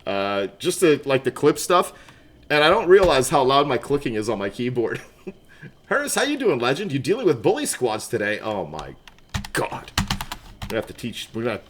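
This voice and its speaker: A man's voice: mid-range voice, wildly swooping pitch, moderate pace, fairly bright tone. A man chatting casually on a game livestream, laughing often, greeting viewers by name, wired on coffee, with keyboard clicks behind. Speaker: livestream gamer.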